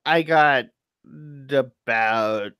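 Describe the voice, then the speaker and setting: A man co-hosting a casual podcast, talking about music videos in a low-key, laid-back way with hesitant restarts and sounding tired. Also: extremely slow, bright, forceful tone, clear, resonant tone, no echo. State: tired, yawning. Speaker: podcast co-host.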